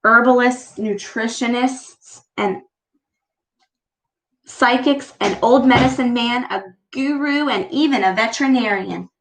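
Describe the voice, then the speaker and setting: A woman reading a picture book aloud to her child, gently pausing to ask questions about the pictures. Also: a little high, a little hiss or hum.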